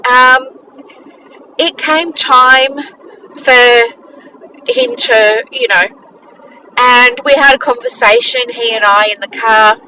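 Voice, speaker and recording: A woman's voice: on the high side, slow, long pauses, pushed and bright, far from the mic, slight background noise, rough recording. A middle-aged woman, a business mentor telling a personal story in a candid, heartfelt, hesitant way.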